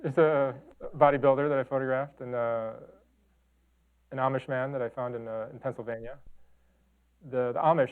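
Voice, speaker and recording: A middle-aged man from the talking casually about his photographs, rambling with lots of fillers and restarts. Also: mid-range voice. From Chicago and Detroit. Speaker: photographer giving a talk. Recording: tinny phone-like sound.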